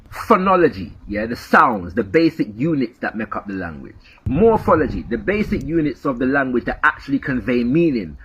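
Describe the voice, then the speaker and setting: Jamaican male commentator, animated pitch, husky tone, muffled lo-fi audio, lecturing manner. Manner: lecturing, tag questions like "yeah?". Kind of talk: explanatory commentary. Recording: dull lo-fi recording.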